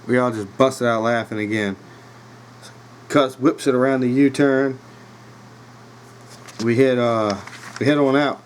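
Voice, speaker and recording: A man's voice: medium pitch, steady tone, a little slow, pauses often, slight background noise, rough recording. A man in his thirties with a Virginia accent, hosting a podcast and telling a story in a loose, rambling way with lots of fillers. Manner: laid-back rambling with fillers and laughs. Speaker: podcast host. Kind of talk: casual storytelling. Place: home room with a dog nearby.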